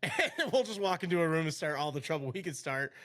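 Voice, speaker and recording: A man's voice: a little high, sing-song, fast talker, fairly bright tone. A man in his forties hosting a podcast, chatting casually and rambling, laughing often. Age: 40s. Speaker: podcast host.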